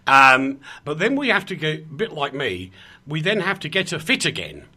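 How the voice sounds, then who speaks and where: A man's voice: fairly high pitch, very animated, moderate pace, pushed and bright. A man with a Cockney accent hosting a radio chat show, bantering and joking. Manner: jokey, laughing, bantering.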